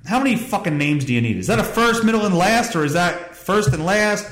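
Guy doing a rambly swear-y podcast monologue, bouncy pitch, sarcastic, echoey room. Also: lively intonation, a little fast, a bit bright. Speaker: podcast host. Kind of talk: casual monologue, reading news aloud.

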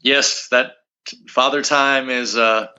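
A ring announcer guesting on a casual podcast, his voice bright and forceful. He jokes in an easygoing way. The call audio comes through dull and lo-fi. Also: mid-range voice, steady tone, slow, clean tone. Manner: joking, easygoing. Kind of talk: casual chat. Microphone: video call.

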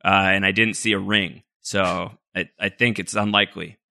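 A man's voice: low-pitched, fairly even intonation, moderate pace, vocal fry, pushed and bright. A man co-hosting a casual podcast, reading out listener mail with lots of fillers and easy laughs. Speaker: podcast co-host. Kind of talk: casual chat.

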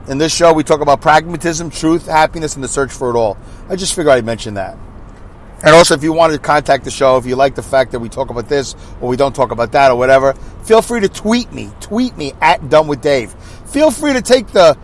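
A male podcast host, pitched a little high, with a lively, swinging delivery. He rambles in a chatty, self-mocking way and keeps drifting into asides. He is recording while driving, with vehicle noise in the background. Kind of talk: rambling solo podcast chat. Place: inside a moving vehicle.

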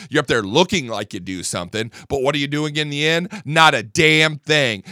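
A man's voice: a little high, fairly bright tone, no room sound, studio quality. A man hosting a political talk show who rants angrily and combatively. He swears freely and repeats words when worked up. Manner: angry, combative, swears a lot.

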